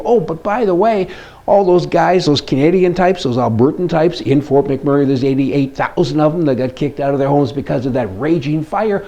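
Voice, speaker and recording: An older man delivers casual commentary in a blunt, sarcastic, folksy way. His voice is gravelly with a dark, mellow tone. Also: on the high side, lively intonation, moderate pace. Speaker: commentary host.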